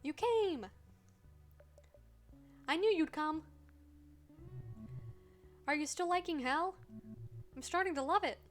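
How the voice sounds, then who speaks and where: A cheerful male hellhound pup, simple-hearted and loyal, bouncing through his lines with eager delight, as a woman reads him. The voice sits high and unhurried, with a game's soft music faintly underneath. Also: expressive, heavily acted.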